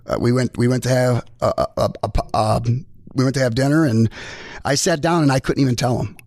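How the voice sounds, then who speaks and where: A man, a military veteran, tells a personal story as a podcast guest, halting and restarting often as he speaks. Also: mid-range voice, expressive, darkish tone, no echo, studio quality. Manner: halting, with many restarts and repeated words. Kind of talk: emotional personal storytelling in conversation.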